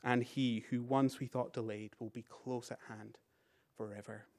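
British guy preaching in church, earnest, repeats his big lines, trails off soft at the end. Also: medium pitch, fairly even intonation, moderate pace. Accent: British English. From Britain. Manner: earnest, repeats key phrases for emphasis; rises for emphasis, drops very quiet at phrase ends. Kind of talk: sermon.

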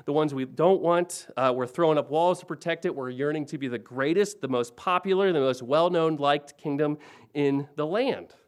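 Pastor preaching, somewhat high voice. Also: male voice, moderate pace. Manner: preaching with wide swings between soft and emphatic, repeating phrases. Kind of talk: sermon.

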